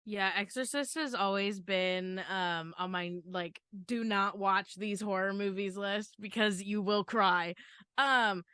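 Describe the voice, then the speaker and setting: A woman's voice: mid-range voice, steady tone, slow, sharp tone, clear, resonant tone, no room sound, clean studio sound. A woman co-hosting a podcast, chatty and nervous in tone, with lots of "um" and "like". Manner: chatty, nervous, giggly, with many fillers. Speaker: podcast co-host. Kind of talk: casual podcast chat.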